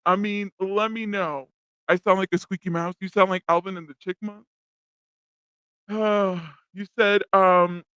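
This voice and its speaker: A woman's voice: fairly low pitch, dry recording, pitched below the performer's own voice. A woman livestream host speaking through a voice changer that makes her sound like a young man, giggling and quizzing her chat about how she sounds. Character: a cute young man's changed voice. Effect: male-sounding voice changer filter.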